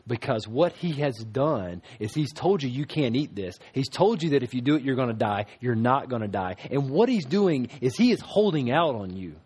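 Husky-voiced man preaching a sermon. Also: mid-range voice, lively intonation, moderate pace, few pauses. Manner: emphatic, swings from loud to hushed. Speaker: pastor.

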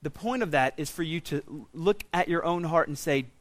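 Guy preaching, kinda high voice, dry close sound, gets loud then drops way quiet. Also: fairly quick, dry recording. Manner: swings from quiet intensity to loud, raised pleading. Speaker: pastor. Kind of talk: sermon. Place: church sanctuary.

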